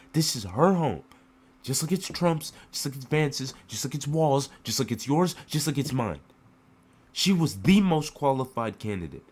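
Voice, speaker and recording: With a medium-pitched voice, a man from the U.S. rants passionately about politics on camera, repeating phrases and piling up rhetorical questions.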